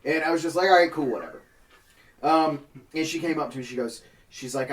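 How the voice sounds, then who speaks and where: Casual:-. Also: male voice, on the high side, fairly quick, distant mic. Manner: profane, animated, acts out quoted people. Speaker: podcast co-host. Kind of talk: casual storytelling among friends.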